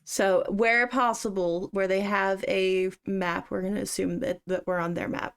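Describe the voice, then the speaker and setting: Woman, co-host, medium pitch, casual relaxed chat, laughs along. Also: measured pace, smooth. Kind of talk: casual chat about a horror game.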